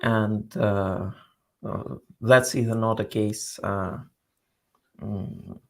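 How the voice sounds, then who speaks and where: A man speaking as a guest in a scholarly interview, explaining in a halting way as he searches for words. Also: lowish voice, steady tone, creaky.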